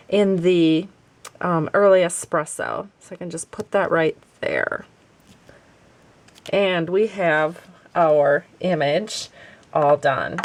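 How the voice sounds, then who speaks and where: A woman hosting a craft tutorial, chatting warmly and enthusiastically as she explains each card-making step. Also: lowish voice, slight background noise.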